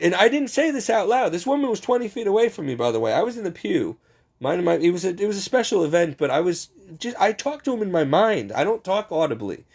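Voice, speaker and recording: Rambling, self-mocking man with a high-set voice. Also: sing-song, moderate pace, gravelly, darkish tone. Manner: frequent chuckles. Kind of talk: casual faith monologue.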